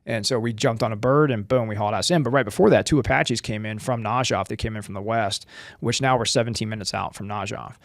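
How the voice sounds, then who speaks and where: A man's voice: on the low side, gravelly, no room sound, clean studio sound. A middle-aged American man, a former Marine guest, telling a combat story in a casual interview and acting out the dialogue. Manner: animated, acts out dialogue in quick bursts.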